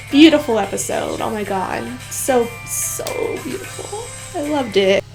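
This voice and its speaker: Female reaction host, slightly high voice, excitable and rambling, laughs a lot. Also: slow pace, vocal fry, soft background music. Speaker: anime reaction channel host. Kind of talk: casual reaction commentary.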